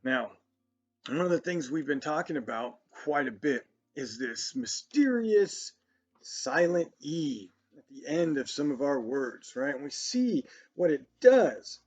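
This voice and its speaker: A man teaching a children's phonics lesson, sounding out words slowly and praising often. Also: a little high, very animated, darkish tone. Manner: slow, encouraging, praising often. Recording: dull lo-fi sound with faint music.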